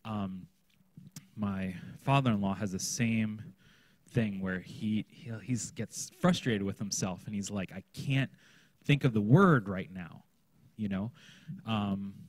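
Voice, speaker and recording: A man's voice: fairly low pitch, dry recording. Chatty man teaching a workshop. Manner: conversational, often checks in with "right?". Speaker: children's pastor. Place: conference room.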